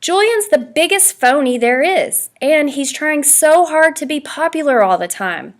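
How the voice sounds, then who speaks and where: A woman's voice: high voice, lively intonation, unhurried, voice pushed up. A woman voicing a blunt, exasperated middle-school boy in a read-aloud storybook.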